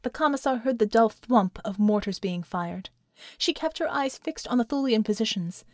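A woman reading an action story aloud as narrator, steady and measured. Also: a little high, dry recording, studio quality. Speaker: audiobook narrator. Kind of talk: scripted narration.

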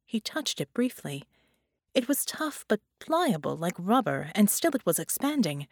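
A woman narrating a dramatic superhero audiobook in a measured, storytelling manner. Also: mid-range voice, sing-song, dry recording, studio quality.

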